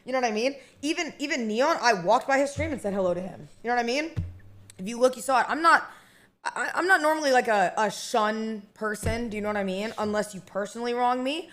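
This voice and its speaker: A woman's voice: a little high, fast, fairly bright tone. A woman streamer in casual chat, rambling and chatty with lots of fillers and restarts.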